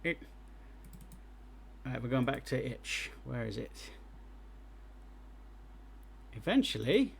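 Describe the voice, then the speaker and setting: Excitable man streaming game reviews. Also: medium pitch, takes it slowly, creaky, pauses often, slight background noise. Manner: excitable, talks to himself while playing. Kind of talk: live gameplay commentary.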